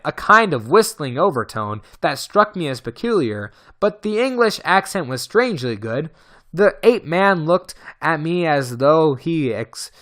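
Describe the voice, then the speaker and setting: A man narrating a novel in an amateur audiobook reading. His voice sits somewhat high and sounds bright and tense. He often trips over a word and starts it again. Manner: stumbles and restarts words. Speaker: audiobook reader.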